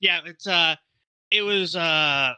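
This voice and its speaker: A man's voice: a little high, slow, bright, forceful tone, clean tone, poor audio. A man co-hosting a podcast, telling rambling stories in casual chat with fillers and cursing. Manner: rambling, storytelling with fillers and profanity. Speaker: podcast co-host.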